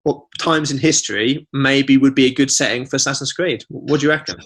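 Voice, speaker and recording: A young man co-hosting a podcast, chatting casually with quick jokes and asides. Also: medium pitch, a bit bright, breathy edge. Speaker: podcast co-host. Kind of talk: casual chat.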